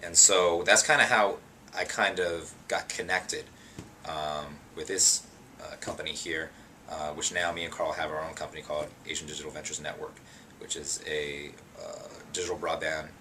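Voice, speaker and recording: A young adult man, a pastor and singer, chatting in an interview and telling his story in an animated way, with many ums and you-knows. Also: extremely low pitch, normal speed, slight background noise.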